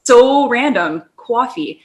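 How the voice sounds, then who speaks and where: A woman's voice: fairly high pitch, animated, slow. A young woman co-hosting a casual podcast chat, rambling, breaking off mid-thought and laughing often. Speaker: podcast co-host.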